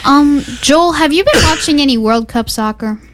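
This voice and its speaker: A woman's voice: high voice, lively intonation, normal speed, noisy background. A woman co-hosting a casual radio show from a studio, asking short friendly questions. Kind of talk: casual on-air chat.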